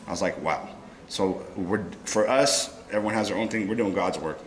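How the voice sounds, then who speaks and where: A man's voice: lowish voice, moderate pace, slight background noise. A man giving an impassioned talk at a conference, telling stories and acting out the dialogue himself. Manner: animated storytelling, acting out dialogue. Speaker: conference speaker. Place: conference room. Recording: echoey room with faint ambience.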